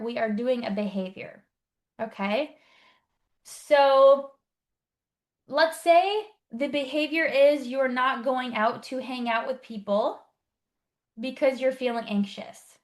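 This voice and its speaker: Brisk higher-voiced woman coach. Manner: brisk, explanatory, checks in with rhetorical questions. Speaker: life coach. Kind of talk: online workshop teaching.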